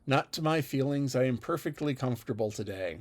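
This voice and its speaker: A man voicing a spirited, witty young gentlewoman with a teasing manner. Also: mid-range voice, animated, brisk, natural voice.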